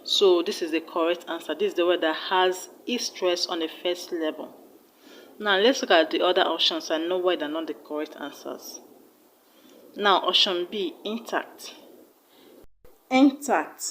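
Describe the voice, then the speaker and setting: A woman's voice: fairly low pitch, normal speed, a bit bright, slight background noise, rough recording. A woman with a Nigerian accent teaching an online exam-prep lesson, patiently repeating each word and sounding it out syllable by syllable. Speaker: English teacher.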